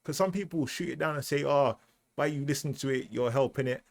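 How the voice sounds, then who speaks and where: Speaking fast in a creaky, mid-range voice with a British accent, a man gives laid-back, slang-filled reactions to a song. He keeps tossing in "you know what I mean."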